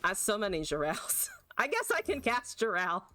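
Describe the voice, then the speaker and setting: A woman's voice: medium pitch, very animated, normal speed, sharp tone. A woman streaming a card game live, talking through her plays, swearing and venting at her opponent with frequent laughs. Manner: salty, profane, exasperated outbursts at opponent; chatty, laughs often.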